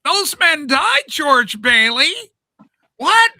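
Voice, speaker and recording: A man's voice: extremely high pitch, sing-song, slow, pitched above the performer's own voice, exaggerated voice. A man doing a stammering, frantic film-star impression. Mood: desperate. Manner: stammering, pleading, shouting.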